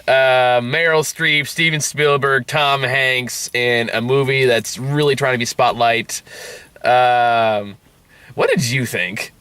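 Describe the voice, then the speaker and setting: A man's voice: medium pitch, steady tone, slow pace, sharp tone, clean tone, no room sound. A man reviewing a film in loose casual chat, rambling and swearing freely. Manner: loose and profane, rambling asides.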